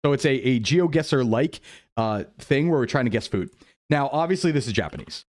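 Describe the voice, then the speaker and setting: A man's voice: mid-range voice, animated, fairly quick, no room sound, clean studio sound. A man streaming casually, thinking aloud and joking with his chat as he plays a guessing game. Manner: playful, jokey, thinking aloud. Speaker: VTuber streamer.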